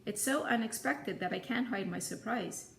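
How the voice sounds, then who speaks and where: A woman reading a novel aloud in plain, even storytelling. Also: medium pitch, moderate pace, gravelly, reverberant, slight background noise. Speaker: audiobook reader.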